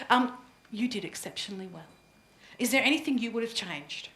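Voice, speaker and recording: A woman runs a live presentation workshop, chatty and quick to laugh. Her voice sits a little high, and the room gives it a clear echo. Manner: lively, chatty, laughs easily. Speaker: presentation coach. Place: room with an audience. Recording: echoey room.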